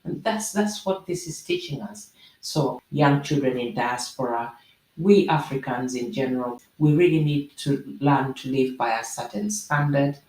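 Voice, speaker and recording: Woman host, unhurried, lively and sermon-like, roomy echo. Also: a bass voice. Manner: animated, preachy, with jokey asides. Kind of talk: explaining proverbs to camera.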